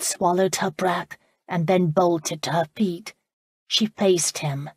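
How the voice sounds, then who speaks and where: A woman narrating an audiobook in a measured, expressive reading on a close studio mic. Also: fairly low pitch, slightly rough, dry recording. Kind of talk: scripted narration.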